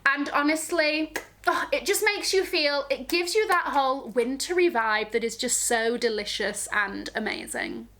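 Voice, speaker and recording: A woman's voice: sits high, very animated, measured pace, a bit bright. A woman vlogging about fashion, sassy and gushing, full of slang and frequent "okay?" check-ins. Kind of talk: casual to-camera fashion chat.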